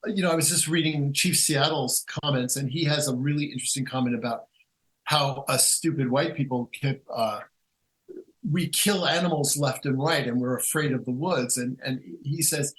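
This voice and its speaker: This man's voice sits in the mid-range, and he talks at a moderate pace over a rough recording. As a guest author, he tells loose, casual stories full of restarts, animatedly performing the quotes he recounts.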